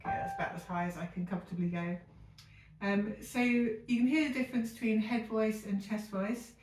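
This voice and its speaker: A woman teaching a singing lesson, explaining calmly with frequent ums and demonstrating exercises herself. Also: mid-range voice, fairly quick. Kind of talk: vocal technique lesson with sung demonstrations. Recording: echoey room, voice a bit far from the mic, piano faintly behind.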